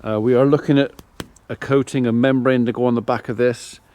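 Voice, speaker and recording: A middle-aged man with a medium-pitched voice and brisk delivery films himself doing farm chores in an outdoor farmyard. This farmer vlogger chats and rambles easily, pausing now and then to address his animals.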